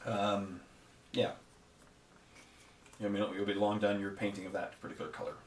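A man's voice: lowish voice, steady tone, normal speed, roomy sound, a little hiss or hum. A man hosting a miniature painting video, talking casually while he paints and rambling with many fillers and self-corrections.

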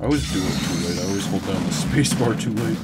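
A man with a fairly low voice hosts a relaxed gaming session, cracking jokes and laughing easily. Loud game music plays behind him throughout. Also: fast. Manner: jokey, laughs often. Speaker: gaming channel host. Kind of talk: casual gaming chat.

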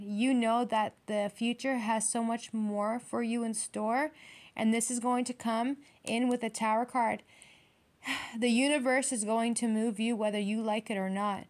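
A woman's voice: fairly high pitch, steady tone, moderate pace. Blunt, slangy woman reading tarot. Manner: blunt, swears freely, streetwise slang. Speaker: tarot reader.

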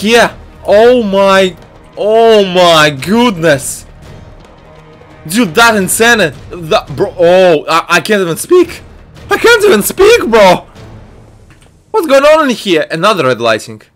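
A young adult man giving excitable, jumpy let's-play commentary full of shouts and exclamations. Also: sits high, takes it slowly, faint music behind. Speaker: gaming YouTuber.

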